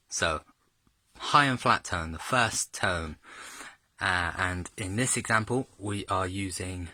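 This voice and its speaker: A man talks through a casual video lesson at a slow, easy pace. His voice sits low yet sounds bright and crisp, and the recording is dry and close. He jokes along the way and swings his pitch hard when he demonstrates the tones. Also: no echo. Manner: chatty and jokey, exaggerates tones when demonstrating. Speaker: self-taught language learner sharing lessons.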